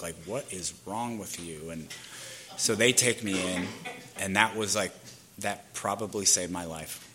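Male, 30s, personal storyteller: low-pitched, tense and forceful tone, rambling and candid delivery. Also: a little hiss or hum. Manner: rambling, peppered with "like". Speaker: speaker sharing his recovery story.

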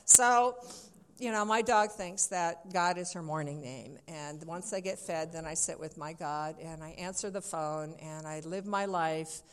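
A woman from Wisconsin sharing her personal story with a group, candid and laughing at herself. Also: lowish voice. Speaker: speaker sharing at a recovery meeting.

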